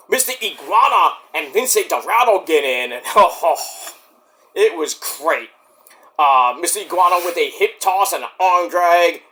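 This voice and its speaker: A man giving a casual solo wrestling review, excitable and swearing freely. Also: fairly high pitch.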